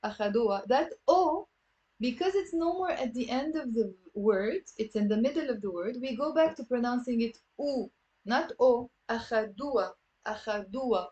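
Woman, Lebanese accent, language teacher, live online class, encouraging, slightly high voice. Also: normal speed, lo-fi sound. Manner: lively and encouraging, mixing English with Arabic.

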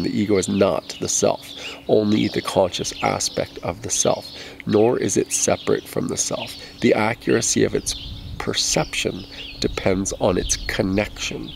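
A man with a low, very gravelly voice reads a nonfiction book aloud. His delivery is measured and deliberate. He stops to correct himself and rereads a line when he stumbles. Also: a little mellow, slight background noise. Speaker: audiobook reader.

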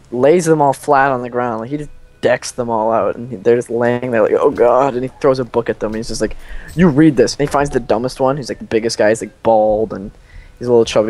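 A young man hosts a let's play of a multiplayer strategy game, rambling and joking in casual banter. His voice is medium in pitch with a darkish tone.

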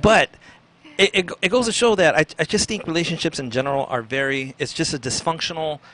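A man who is a radio DJ, guesting on a talk show and telling stories in a rapid, stammering way. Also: a little high, fairly bright tone. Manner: rapid, storytelling, stammers and repeats words. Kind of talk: casual chat as a call-in guest.

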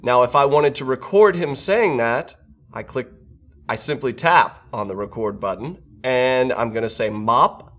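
A man who is a speech-language pathologist gives a scripted product walkthrough, explaining each step in a steady, instructional way. His voice sits at an ordinary middle pitch. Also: measured pace.

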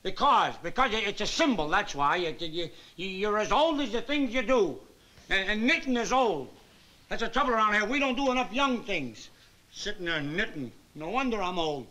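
A man's voice: high-pitched, sing-song, normal speed, sharp tone, full character voice, low-quality recording. An actor playing a middle-aged nightclub entertainer and father in a 1950s sitcom, talking in an exasperated, stammering way. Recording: hissy old TV soundtrack.

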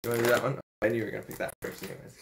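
A woman's voice: extremely low pitch, fairly even intonation, rapid-fire, vocal fry, noisy background. A woman hosting a casual candy taste-test vlog, chatty and jokey, rambling with restarts. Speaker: vlogger.

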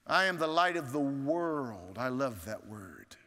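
A male pastor preaching a sermon, swinging from strong rising appeals to hushed, low asides. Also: very animated, a little slow. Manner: preaching with sweeping rises and hushed drops. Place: large church sanctuary. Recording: church hall reverb.

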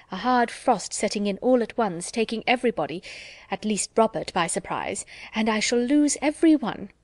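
A woman's voice: fairly high pitch, no echo, studio quality, close to an everyday voice. A woman voicing a fussy, chattering housewife. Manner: chattering, put-upon complaining. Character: fussy, talkative married woman keeping house.

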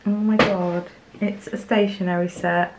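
Slow, gushing young woman vlogger. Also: medium pitch, very noisy. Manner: gushing, excitable, chatty with fillers and little laughs. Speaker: craft vlogger. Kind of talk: casual unboxing chat to camera. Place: home craft studio, indoors.

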